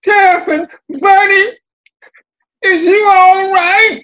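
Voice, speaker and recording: Mocking buzzard, shrill falsetto, crying wail, storybook bird, slow. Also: male voice, fairly even intonation, pushed and bright, muffled recording, heavily acted. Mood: mock concern. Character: male buzzard, boastful and mocking.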